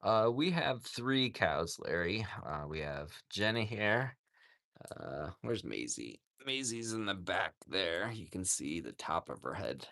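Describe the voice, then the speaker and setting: A man with a very low voice chats casually on a livestream from outdoors at an animal sanctuary. He talks slowly and rambles, with plenty of "like" and soft asides to the animals. His voice is close and dry, with little room around it. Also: sing-song, vocal fry, no room sound. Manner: rambling, says "like" often, talks softly to animals.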